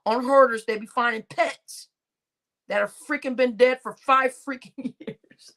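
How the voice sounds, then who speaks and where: A woman's voice: high voice, fairly even intonation, measured pace, fairly bright tone. A woman commentating on a casual gossip livestream, often breaking into laughter, swearing freely and talking to her chat. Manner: laughing often, profane, addressing chat as y'all.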